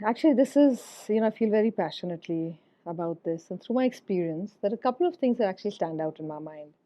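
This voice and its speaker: A woman's voice: mid-range voice, expressive, fast talker, warm tone. A middle-aged woman, a podcast guest telling a personal story in an earnest way and repeating words for emphasis. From India. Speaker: guest, HR executive. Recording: dull lo-fi podcast audio.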